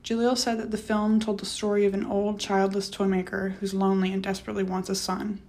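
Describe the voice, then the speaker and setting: A woman narrating an audiobook novel in a measured, steady reading. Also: medium pitch. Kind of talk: scripted narration.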